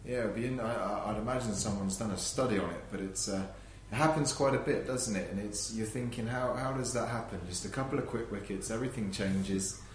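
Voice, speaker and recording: A man co-hosting a casual chat, musing and trailing off quietly. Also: on the low side, a little fast, few pauses, reverberant, slight background noise, poor audio. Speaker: podcast co-host.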